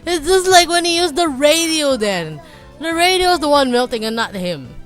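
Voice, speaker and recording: A woman's voice: sits high, expressive, normal speed, faint music behind. A woman making laughing asides about her own mistakes while voicing a game. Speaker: fan voice actor. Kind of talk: out-of-character asides.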